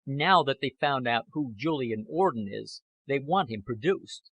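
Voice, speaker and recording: A man voicing a cold, scheming man who answers curtly and evasively, in a husky voice. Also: medium pitch, animated, a bit bright, no echo, full character voice. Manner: measured, curt replies.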